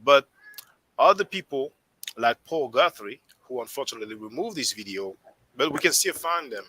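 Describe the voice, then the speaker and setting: French-accented male stream host, bright tone, thinks aloud with frequent restarts. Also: mid-range voice, animated, moderate pace, slight background noise, low-quality recording. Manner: rambling, restarts often while thinking aloud. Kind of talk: casual discussion on a live stream.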